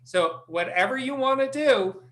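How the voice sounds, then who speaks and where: A man hosting a casual podcast as dungeon master, animated and swearing freely as he explains things. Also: very high-pitched, slight background noise. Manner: animated, swears freely, talks in quick restarts.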